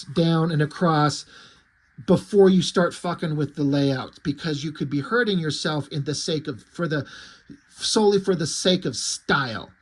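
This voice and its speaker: Sarcastic, profane comic reviewer man. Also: fairly high pitch. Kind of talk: casual commentary.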